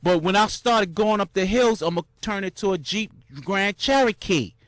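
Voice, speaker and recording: High-voiced New man telling a story. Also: normal speed, no room sound, studio quality. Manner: animated, acts out cheering crowds in high shouts; loose, repetitive slang with many restarts. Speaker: vlogger recounting a marathon. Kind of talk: casual storytelling monologue.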